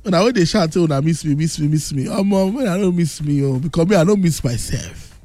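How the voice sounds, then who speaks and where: Talking fast with lively intonation in a voice on the high side, a Nigerian radio host boasts loudly and teases in Nigerian Pidgin English-accented banter. He's slightly ill, so his voice sounds thick. There's no room sound, just soft background music.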